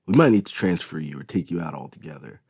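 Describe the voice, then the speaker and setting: A man's voice: very deep voice, expressive, quick pace, a little mellow, slightly rough, no room sound, clean studio sound, heavily acted. A man reading an audiobook, voicing a blunt, profane, domineering middle-aged father. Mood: scornful.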